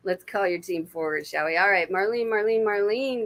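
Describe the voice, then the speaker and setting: Woman, intuitive reader, casual livestream, chatty and sweary, mid-pitched voice, talking from the couch. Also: moderate pace. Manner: chatty, laughing, swears freely. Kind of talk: casual livestream psychic reading. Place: home, on a couch.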